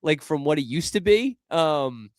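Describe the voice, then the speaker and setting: A man's voice: on the high side, animated, measured pace, dry recording, studio quality. A man co-hosting a sports talk show, musing in a wry, thoughtful way with frequent restarts. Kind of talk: casual talk-radio chat.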